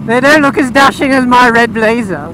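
A man's voice: extremely high pitch, moderate pace. A man voicing a vain, snooty upper-class toff with a haughty drawl, recorded on a moving motorcycle. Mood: sniffy. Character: snooty posh English toff, sniffy and vain. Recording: loud wind and road noise.

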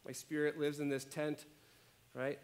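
A man preaching a sermon as pastor, conversational and animated, often checking in with his listeners. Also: on the high side, a little slow. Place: church.

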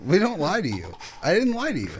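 A man on a podcast in casual chat, teasing his co-host with quick comebacks. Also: sits high, wildly swooping pitch, husky.

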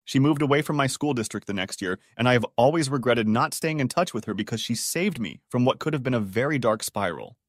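A man's voice: mid-range voice, lively intonation, a little fast, few pauses, no room sound. Man narrating stories in a dry voice. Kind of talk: scripted narration of reader-submitted stories.

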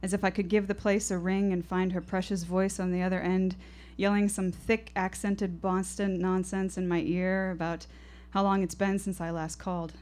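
A woman's voice: fairly low pitch, flat delivery, moderate pace, hardly any pauses, a little mellow, soft background music. A woman in her twenties telling a first-person story on stage, vivid and reflective. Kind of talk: live storytelling performance. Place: stage at a live show.

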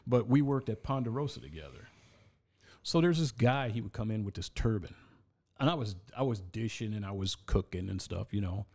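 Dark-voiced man telling a wild story. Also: lowish voice, brisk. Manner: animated storyteller, laughs through his tale. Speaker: podcast guest. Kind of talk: casual storytelling. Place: podcast studio.

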